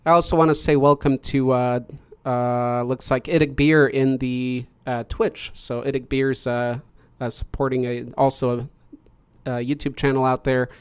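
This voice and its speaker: A man hosting a casual live-streamed panel discussion, explaining in a measured way and pausing mid-thought. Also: medium pitch, level tone, clear, resonant tone, no echo. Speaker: host.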